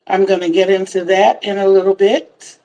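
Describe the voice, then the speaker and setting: A woman's voice: mid-range voice, little pitch movement, moderate pace, warm tone, rough recording. An older woman from Virginia, hosting a casual crochet livestream in a chatty, effusive way and repeating words for emphasis. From Virginia, USA.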